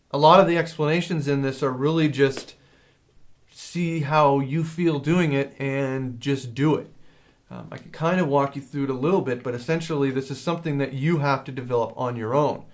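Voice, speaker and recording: A man teaching a drum lesson in a casual, rambling way, hesitating and filling pauses as he explains. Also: mid-range voice. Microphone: handheld field recorder.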